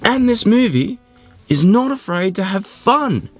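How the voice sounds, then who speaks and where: A man giving a casual spoken film review, animated and rambling, often poking fun at himself. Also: sits high, measured pace, no echo. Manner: animated, rambling, self-mocking.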